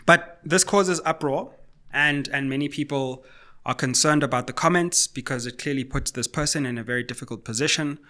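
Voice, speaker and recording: A man hosts a solo political commentary. His voice is bright and forceful, and he builds his case through pointed questions at a measured pace. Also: medium pitch, steady tone. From South Africa.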